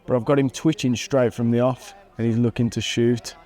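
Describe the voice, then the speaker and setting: A man in his thirties, an MMA fighter, casually commentating on his own old fight footage with animated excitement and frequent chuckles. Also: mid-range voice, normal speed. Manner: animated, chuckles at himself, bursts of excitement at big moments. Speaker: MMA fighter and channel host.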